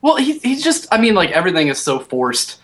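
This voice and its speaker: A man with a fairly high-pitched voice, chatting casually about a movie and laughing often. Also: huge pitch swings, brisk, a bit bright.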